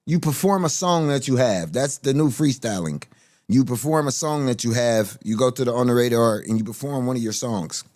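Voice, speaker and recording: A man's voice: medium pitch, moderate pace, a little mellow, dry recording, clean studio sound. A man hosting a stream, reacting to music clips in blunt, profane, mocking casual commentary. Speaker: host reacting to music videos.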